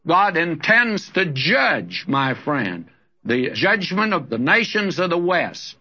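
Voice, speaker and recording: A man's voice: a little high, very animated, unhurried, bright, forceful tone, slightly rough. Folksy older man preaching on lo-fi radio. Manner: folksy preaching, addressing listeners as friends, reading scripture aloud. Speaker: radio Bible teacher. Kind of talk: sermon. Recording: lo-fi old radio broadcast.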